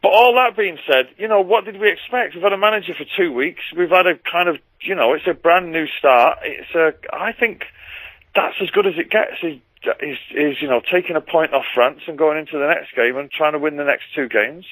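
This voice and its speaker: Halting, laid-back English man on radio. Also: fairly high pitch, a bit bright, dry recording, poor audio. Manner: halting, full of fillers and restarts. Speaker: guest. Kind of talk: casual radio chat.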